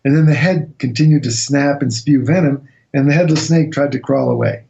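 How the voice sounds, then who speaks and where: A man recounting an expedition as a radio interview guest, telling it as a lively anecdote and acting out what people said. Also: medium pitch, fairly quick, vocal fry, highs cut off, slight background noise. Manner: animated anecdotal storytelling, acts out quotes.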